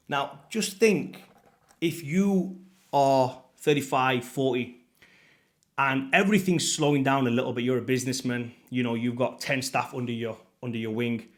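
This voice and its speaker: A man in his thirties talking straight to his viewers as a fitness coach, emphatic and pushy, repeating his points. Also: medium pitch. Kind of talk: direct-to-camera motivational talk.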